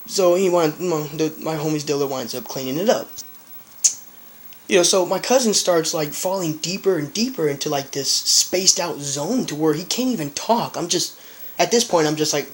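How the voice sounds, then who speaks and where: A man's voice: on the high side, normal speed. A young man casually telling a rambling story on his vlog, cursing often and laughing as he talks. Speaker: vlogger.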